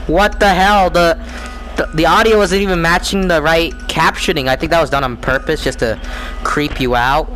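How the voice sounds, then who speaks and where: Young guy freaking out over a horror game, fairly high voice, keeps repeating stuff, game music going loud behind. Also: steady tone, moderate pace. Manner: panicky, repeats himself, swings between yelps and mutters. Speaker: gamer playing a horror game. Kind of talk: scared gameplay commentary.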